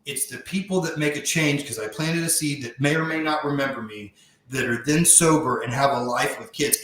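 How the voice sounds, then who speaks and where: A man of middle pitch speaks with heartfelt sincerity, telling his own story and drawing out key words slowly. His voice rings through a strongly echoing room. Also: fairly bright tone. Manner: heartfelt, reflective, often slows down for emphasis. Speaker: podcast guest. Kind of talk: earnest personal storytelling. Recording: very echoey room.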